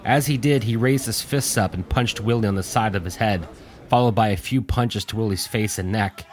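Low-voiced man narrating a story. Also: normal speed, a little mellow. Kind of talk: audiobook narration.

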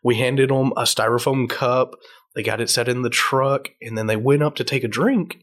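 A man's voice: mid-range voice, moderate pace, fairly bright tone. A man, a tea shop owner, earnestly telling customer stories in a podcast interview. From Texas. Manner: earnest storyteller, frequent restarts.

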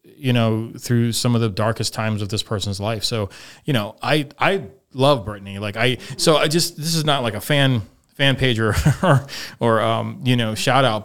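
A man's voice: mid-range voice, smooth. A man hosting a podcast in casual conversation, talking in a rambling way with many restarts. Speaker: podcast host.

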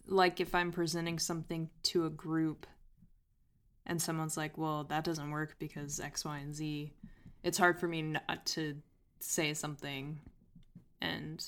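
Slow, low-voiced woman reflecting. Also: flat delivery. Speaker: counselor. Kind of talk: casual chat.

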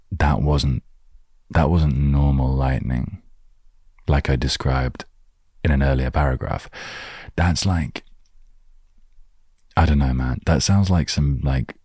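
A man's voice: very deep voice, steady tone, slow, long pauses, mellow, husky, dry recording, studio quality. A man hosting a casual solo podcast, rambling with joking asides and trailing thoughts. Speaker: podcast host.

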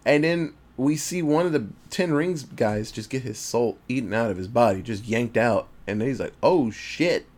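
A man's voice: mid-range voice, normal speed, hardly any pauses. A man on a podcast casually recapping a movie, cursing freely and acting out the characters' lines. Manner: animated, profane storytelling with acted-out voices. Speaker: podcast co-host.

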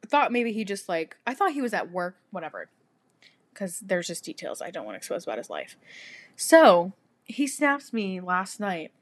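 A young woman co-hosting a podcast, telling a story in a crude, animated, casual way. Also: medium pitch, normal speed. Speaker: podcast co-host. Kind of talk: casual chat.

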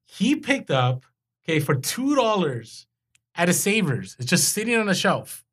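Male podcast co-host, fairly high voice, upbeat and animated, casual banter. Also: measured pace, slightly rough. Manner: animated, rising in pitch when excited. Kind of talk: casual chat.

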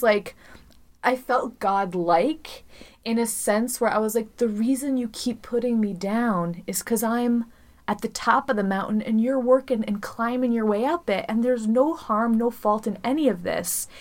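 A woman's voice: fairly high pitch, animated, normal speed. A woman co-hosting a podcast, telling a story in casual chat with lots of "like" and frequent laughter. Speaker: podcast co-host.

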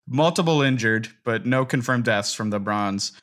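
Bright-voiced man co-hosting a podcast. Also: mid-range voice, normal speed, soft background music. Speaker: podcast co-host. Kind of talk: casual chat.

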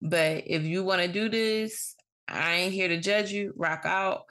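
A woman's voice: fairly low pitch, steady tone, a little slow, a bit bright. Blunt, swearing woman podcast host. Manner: blunt, frank, swears freely. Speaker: podcast host giving advice. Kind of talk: casual advice monologue.

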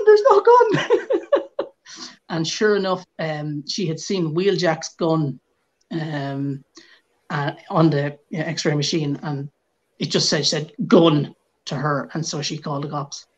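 Irish man telling a lively story. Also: on the high side, normal speed, dull audio. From Ireland. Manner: animated anecdote teller, acts out shouted quotes. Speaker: podcast co-host. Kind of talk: casual storytelling.

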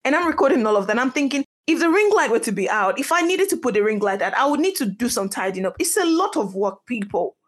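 A young woman hosting her own podcast from her kitchen at home, talking in a chatty, excitable way and often laughing. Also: fairly high pitch, fast, few pauses. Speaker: podcast host. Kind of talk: casual solo podcast chat.

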